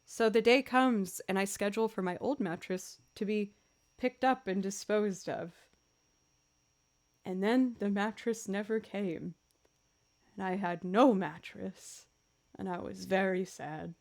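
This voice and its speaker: A young woman chats with her stream viewers between songs. She tells stories in a lively, chatty way and laughs often, at a mid pitch for a woman. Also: a little slow, creaky. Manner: chatty, animated storytelling with laughs. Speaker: livestreaming musician. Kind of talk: casual chat with stream viewers.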